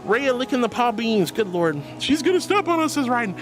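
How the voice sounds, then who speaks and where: Male streamer, high bouncy voice, sweet and doting, calls everyone sweetie, casual live chat on a computer mic. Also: sing-song, brisk, music in the background. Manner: gushing and affectionate, calls viewers sweetie. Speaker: VTuber streamer. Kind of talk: casual livestream chat, reading chat messages.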